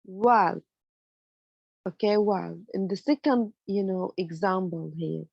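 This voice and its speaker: A woman's voice: medium pitch, unhurried, creaky, a little mellow, no echo, highs cut off. Woman teaching English grammar. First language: Arabic. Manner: explains in English mixed with Arabic, many fillers. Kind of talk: online lecture.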